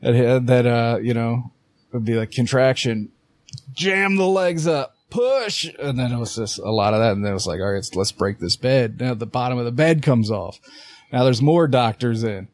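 Young male podcast co-host, mid-pitch, animated storyteller, swears freely, dry room. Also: brisk, no room sound. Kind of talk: casual chat.

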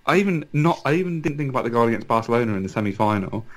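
A man's voice: medium pitch, lively intonation, very fast. A man co-hosting a casual football podcast, laughing as he ribs a friend and repeating words as he talks. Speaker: podcast co-host.

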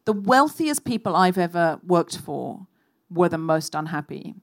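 A woman hosting a live comedy podcast, telling animated stories and acting out shouted quotes. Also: lowish voice, unhurried. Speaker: podcast host. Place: live stage before an audience.

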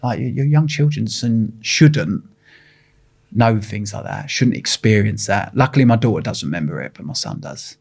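Speaking as an interview guest, a middle-aged man from England with an Essex accent is blunt and casually profane, often restarting what he says. His voice is low, creaky and darkish with a breathy edge, animated at a moderate pace.

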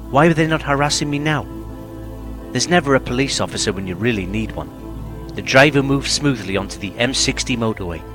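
Male narrator, low pitch, calm measured novel reading, music bed underneath. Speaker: audiobook reader.

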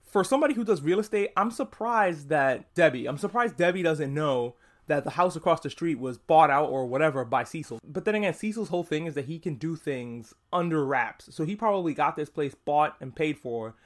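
A young man hosts a casual podcast and reviews a show on his own, swearing freely and jumping into quick impressions of the characters. His voice sits a little higher than most men's. His delivery is loose, animated and chatty. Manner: animated and profane, acts out characters' lines in quick asides. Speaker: podcast host.

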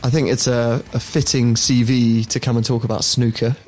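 A man's voice: medium pitch, little pitch movement, normal speed, darkish tone, faint music behind. Chatty, jokey male podcast host. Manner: jokey, chatty, laughs often. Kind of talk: casual chat.

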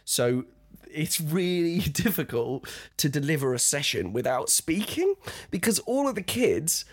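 A man's voice: a little high, sing-song, measured pace, husky. A man who is a guest actor, telling stories in casual chat and laughing often.

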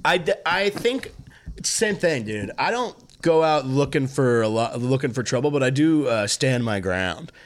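A man's voice: mid-range voice, expressive, moderate pace. Rambling, cursing male comedian storyteller. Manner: rambling, profane, many fillers and restarts. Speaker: stand-up comedian and podcast host. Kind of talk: casual storytelling chat.

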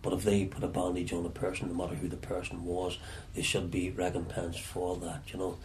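A Northern Irish man with a very low voice recalls his past in an unhurried interview. He often halts and repeats words as he feels his way. Faint noise sits under his speech. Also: monotone, a little mellow. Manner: halting, repeats words as he searches for them. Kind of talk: reflective storytelling.

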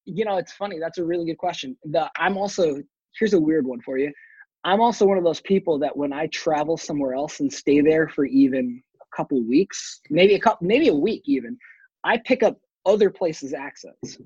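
A man's voice: fairly high pitch, lively intonation, moderate pace, a little mellow, breathy edge, no room sound, muffled recording. A man who is a podcast guest, chatting casually and telling long stories, swearing now and then. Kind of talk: casual chat.

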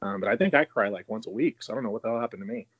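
A man's voice: on the low side, very fast, husky, dry recording, dull audio. A man in his thirties in a casual podcast chat, talking loosely with frequent restarts and easy laughter. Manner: chatty, laughs easily, many restarts.

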